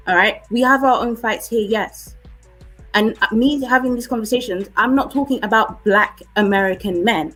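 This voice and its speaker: A woman with a British accent, arguing forcefully on a live-stream debate and often asking "okay?". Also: mid-range voice, slightly rough, low-quality recording. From United Kingdom.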